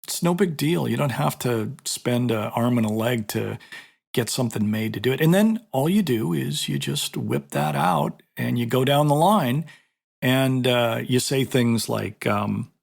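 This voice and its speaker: A man's voice: mid-range voice, measured pace, gravelly, husky. A middle-aged man, a martial arts instructor, chatting casually and telling a story with lots of fillers. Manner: storytelling, conversational, many fillers. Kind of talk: casual monologue.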